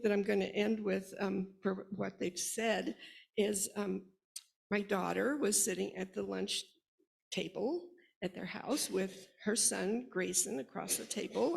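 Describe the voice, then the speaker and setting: At a worship service, in the congregation's worship space, an older woman from the congregation tells family stories into a microphone, laughing often as she goes. Her voice is mid-range and gravelly.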